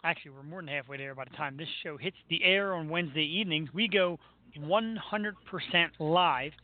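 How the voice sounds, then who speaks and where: A man's voice: fairly high pitch, fairly quick. A man hosting a live talk radio show, joking brashly and crudely with his co-host. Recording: tinny phone-line audio with faint hiss.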